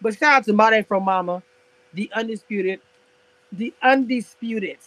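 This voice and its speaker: A woman's voice: mid-range voice, normal speed, fairly bright tone, no echo, low-quality recording. A woman hosting a casual live stream about reality TV, sassy and laughing often as she answers her viewers in chat.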